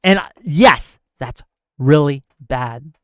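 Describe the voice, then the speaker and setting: A man's voice: on the high side, animated, slow, clean tone, no room sound, clean studio sound. A man hosting a live call-in show, heated and argumentative, ranting at length.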